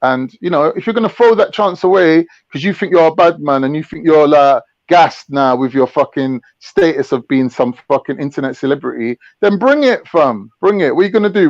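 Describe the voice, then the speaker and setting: A man's voice: a little high, no echo. A man hosting a casual chat, ranting and mocking in crude slang. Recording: dull, dry lo-fi mic.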